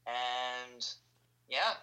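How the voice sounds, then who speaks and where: A man's voice: medium pitch, drawn-out words, pushed and bright, poor audio. A man chatting earnestly as an interview guest, telling a personal story. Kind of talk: casual storytelling.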